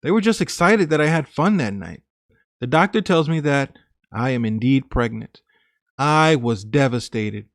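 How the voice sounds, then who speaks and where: A man's voice: medium pitch, expressive, normal speed, no echo, clean studio sound. A man narrating a woman's confessional true story in the first person, in an earnest, plain scripted reading.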